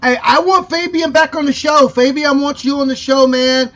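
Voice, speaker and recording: A man's voice: extremely high pitch, steady tone, moderate pace, a bit bright. A man co-hosting a podcast in casual chat, enthusiastic and plain-spoken. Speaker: podcast co-host.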